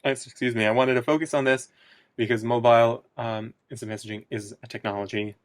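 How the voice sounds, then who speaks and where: A man presenting his research study, talking through the results with frequent pauses, fillers and restarts. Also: medium pitch, fairly even intonation, dry recording. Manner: hesitant, many fillers and restarts.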